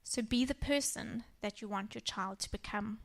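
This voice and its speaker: A woman in her thirties speaks to a church about raising children. She tells stories from home in a gentle, personal way. Her voice sits a little high for a woman. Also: moderate pace. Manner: warm personal storytelling, gentle. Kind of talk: talk on parenting.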